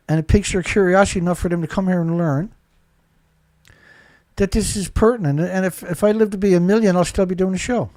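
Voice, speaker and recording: A man's voice: sits high, brisk, long pauses, warm tone, dry recording. Angry ranting man, dry close sound. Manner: repetitive, rhetorical questions. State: congested, blowing nose. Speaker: live show host. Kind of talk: impassioned live commentary.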